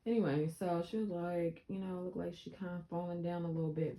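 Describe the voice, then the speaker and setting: A young woman speaks to her viewers in a casual motivational vlog. Her voice sits low and mellow. She talks earnestly and repeats lines for emphasis. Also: steady tone, brisk, few pauses, rough recording. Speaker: vlogger.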